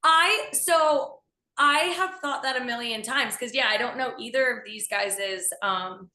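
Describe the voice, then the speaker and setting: Bright, enthusiastic woman in an echoey room. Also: on the high side, a little slow. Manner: enthusiastic, acts out voices in quotes. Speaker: guest, animal communicator. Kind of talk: casual conversational interview.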